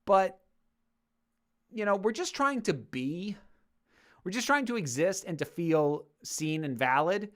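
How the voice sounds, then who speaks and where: A woman's voice: on the low side, lively intonation, takes it slowly, long pauses. A woman answering viewer questions in a casual monologue, speaking passionately, getting worked up and swearing freely.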